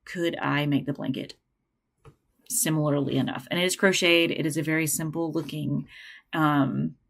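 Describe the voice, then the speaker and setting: A woman's voice: deep voice, steady tone, normal speed, creaky, fairly bright tone. A woman hosting a knitting podcast from home, chatting casually and rambling with lots of fillers and restarts. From United States. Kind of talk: casual chat.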